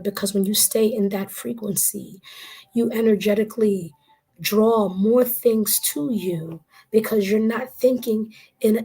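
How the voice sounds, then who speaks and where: A woman's voice: mid-range voice, darkish tone, husky. A woman hosting a casual spiritual livestream, frank and motivational, swearing casually. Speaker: spiritual reader and host.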